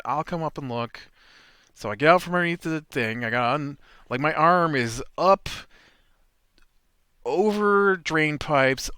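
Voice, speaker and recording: A man's voice: medium pitch, sharp tone, smooth, no room sound, studio quality. A man hosting a let's play, telling a rambling story in casual chat while he plays. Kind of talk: casual chat while playing a video game.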